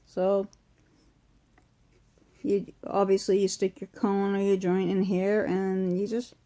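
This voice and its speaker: A woman's voice: medium pitch, monotone, takes it slowly, warm tone. A woman with a Massachusetts accent, rambling casually through an unboxing video while sick and weak, full of fillers and restarts, recorded at home on a phone or webcam. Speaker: vlogger. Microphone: phone or webcam close in front.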